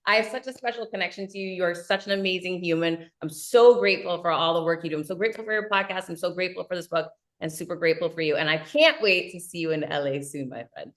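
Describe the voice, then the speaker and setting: A woman's voice: fairly low pitch, fast talker, few pauses. A woman hosting an interview podcast, gushing and upbeat as she thanks her guest and signs off. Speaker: podcast host. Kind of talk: casual interview talk.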